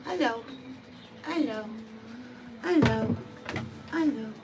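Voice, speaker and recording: High-voiced lady groomer chatting slowly to a cat in the bath, sing-songy, lots of water noise behind. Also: animated. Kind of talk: casual talk while bathing a cat. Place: grooming salon bath area, indoors.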